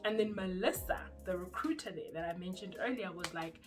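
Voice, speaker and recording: A young woman from South Africa with a South African accent, telling her story in a casual, animated vlog. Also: on the low side, brisk. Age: young adult. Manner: chatty and animated, acts out quoted voices. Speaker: YouTuber. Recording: music playing underneath.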